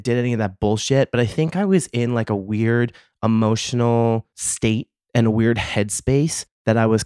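A man's voice: on the low side, a little mellow, smooth, dry recording, studio quality. A man hosting a podcast, telling a confessional story in a casual, profane, self-mocking way and laughing often. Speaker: podcast host.

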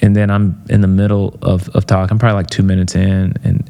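A low, creaky voice runs fairly quickly, with hardly any pauses. The man, interviewed as a motivational speaker, tells loose stories stuffed with fillers and acts out what people said in an animated way.

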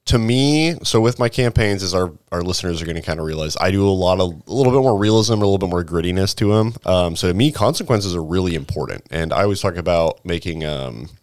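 A man who runs tabletop games talks it through with a very deep voice. His manner is measured and thoughtful, recorded close and dry. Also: expressive, no room sound. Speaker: dungeon master, co-host. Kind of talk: casual chat.

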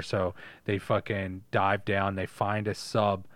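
A man's voice: lowish voice, no room sound. A man co-hosting a podcast, casually and profanely retelling film scenes. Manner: profane, animated retelling with quick put-on voices. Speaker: podcast co-host. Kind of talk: casual movie chat, recapping scenes.

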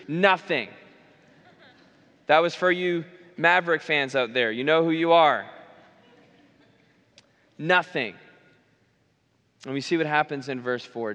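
A man delivers an earnest sermon, stacking repeated phrases and dropping the odd wry aside. His voice sits a little high, and it rings out with a long reverb through a church sanctuary. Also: unhurried, long pauses, fairly bright tone. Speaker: minister.

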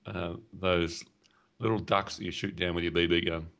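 A man co-hosting a podcast, teasing his partner in a dry, deadpan way. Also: low-pitched, moderate pace. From Australia. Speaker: podcast co-host. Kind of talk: casual chat.

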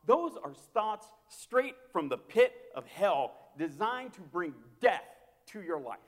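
A man preaching a sermon as a pastor, impassioned and repetitive, swinging from hushed to loud. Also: sits high, sing-song, takes it slowly. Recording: long hall reverb.

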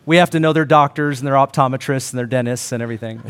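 A man's voice: medium pitch, racing, clear, resonant tone. A middle-aged man preaching a sermon, earnest and conversational, acting out quoted voices. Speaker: pastor.

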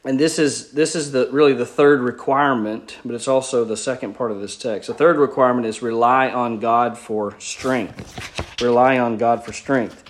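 A man's voice: medium pitch, fairly even intonation, moderate pace. Man preaching an earnest Bible teaching. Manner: earnest teaching with frequent restarts. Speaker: pastor. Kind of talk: sermon.

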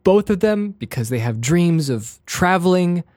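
A man's voice: high voice, animated, a little slow, a little mellow, no echo, clean studio sound. A man co-hosting a casual podcast chat, playful and laughing often, often trailing off and restarting. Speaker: podcast co-host.

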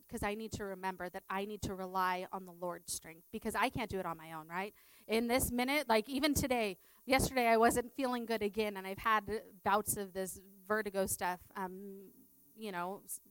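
A woman's voice: mid-range voice, clean tone, dry recording, poor audio. A middle-aged woman, a teacher, sharing a personal testimony in a chatty way full of fillers. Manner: chatty, filler-heavy storytelling.

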